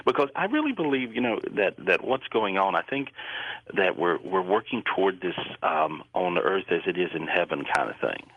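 Earnest low-voiced man, husky and rambling. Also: lively intonation, no room sound, phone-quality sound. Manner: earnest, rambling, halting with repeated words. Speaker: psychic guest. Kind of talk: radio interview chat.

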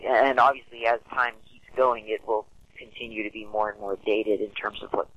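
A man's voice: on the low side, fairly even intonation, moderate pace, lo-fi sound. A man in casual conversation, giving earnest opinions on a film with frequent hesitations and restarts.

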